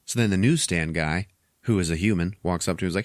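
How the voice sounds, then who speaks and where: Brief: podcast host, lowish male voice, dry close sound, animated profane recap. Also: fast, no room sound. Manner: animated retelling, profane, laughs often. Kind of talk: casual movie recap chat.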